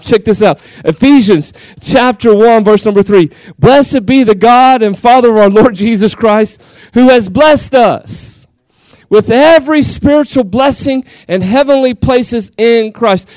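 A middle-aged man with a Southern accent preaching a lively Pentecostal sermon in church, shouting some lines and drawling others for the congregation. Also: very high voice, a little slow, no room sound. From Texas. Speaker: guest pastor.

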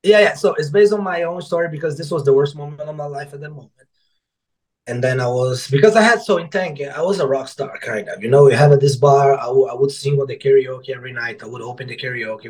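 The audio is poor, and the man's voice sits in the mid-range. Talking on a podcast about his life as an author, he rambles casually with restarts and plenty of swearing. He gets animated acting out the lines of coworkers and customers.

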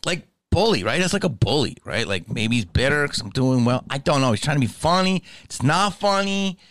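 A man's voice: medium pitch, lively intonation, fairly quick, fairly bright tone, no room sound, clean studio sound. A man hosting a podcast, ranting in a profane, emphatic way and often asking "okay?". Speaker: podcast host. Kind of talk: casual ranting monologue.

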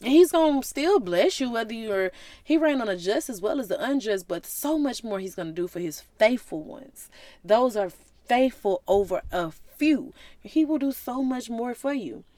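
Animated woman preaching casually. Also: on the high side, moderate pace, no room sound. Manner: colloquial, animated, conversational. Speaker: Christian vlogger.

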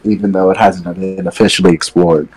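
A man co-hosting a podcast, giving his opinions in relaxed casual chat while sitting away from his mic. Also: sits low, fairly quick, poor audio. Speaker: podcast co-host.

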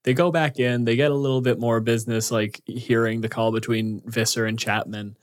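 Male podcast co-host, mid-pitched, casual and profane, running through a plot recap with lots of "like"s. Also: steady tone, fairly quick. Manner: loose, profane storytelling with frequent fillers.

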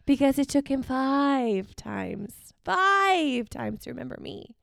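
Southern American woman, guest, high pitched, playful. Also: big pitch swings, slow, vocal fry, a bit bright, no room sound, clean studio sound. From Southern United States. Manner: playful, laughs often. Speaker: podcast guest. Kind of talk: casual chat.

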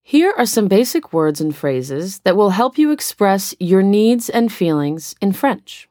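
Slow, careful woman narrating a lesson. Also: medium pitch, sing-song, dark tone, dry recording, clean studio sound. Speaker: language course narrator.

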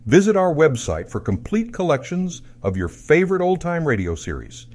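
A man giving a short promotional introduction for a podcast, in a smooth promotional read. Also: fairly high pitch, big pitch swings, moderate pace, darkish tone. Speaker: podcast host.

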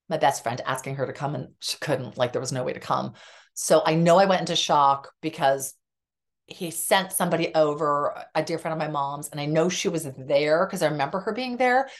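A woman's voice: sits low, gravelly. A middle-aged woman, a psychotherapist, telling a personal story candidly in a conversation and acting out the lines of the people in it. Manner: animated, acts out quoted dialogue. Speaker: psychotherapist guest.

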